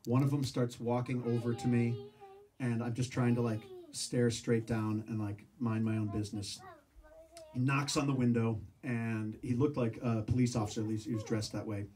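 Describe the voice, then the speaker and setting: Man on stage, lively self-mocking storyteller, middle pitch, picked up from a distance. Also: moderate pace. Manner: animated, self-mocking storyteller who acts out voices. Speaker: speaker telling a story to a live audience. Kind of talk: storytelling talk. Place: room with a live audience.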